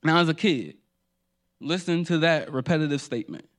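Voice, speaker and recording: A man's voice: on the high side, normal speed. A man from New Jersey preaching a sermon, building rhythmic repeated refrains.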